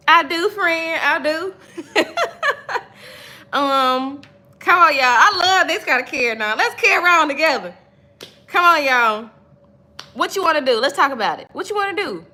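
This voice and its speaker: A woman's voice: fairly high pitch, pushed and bright. A woman hosting a motivational livestream from home, encouraging viewers, laughing often and reading their comments aloud. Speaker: livestream host.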